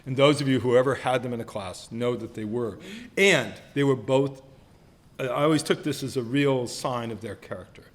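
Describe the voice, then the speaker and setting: A man's voice: mid-range voice, moderate pace. Playful man in his sixties roasting colleagues. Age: 60s. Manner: self-deprecating, playful mock voices for others. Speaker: retiring professor being roasted. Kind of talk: roast speech. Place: banquet hall.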